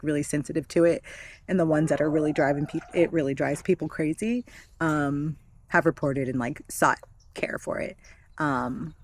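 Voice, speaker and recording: Low-voiced woman in her thirties, chatty. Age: 30s. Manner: candid, chatty, with frequent fillers and soft laughs. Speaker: vlogger. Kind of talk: casual personal storytelling. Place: backyard with chickens.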